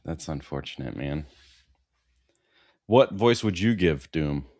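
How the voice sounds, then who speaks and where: A man co-hosting a podcast, telling stories in a relaxed way. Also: rumbling low, takes it slowly, no room sound, studio quality. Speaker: podcast co-host. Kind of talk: casual chat.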